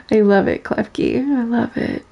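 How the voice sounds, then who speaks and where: A woman streaming a game in a soft-spoken ASMR style, quietly reading in-game text and chatting with viewers, often giggling. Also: a little high, unhurried, creaky, husky.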